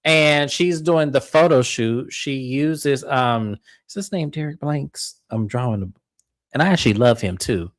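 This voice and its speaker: A man hosting a casual recap of a reality show, frank and swearing freely, acting out quoted lines with big jumps in pitch. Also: unhurried, dry recording.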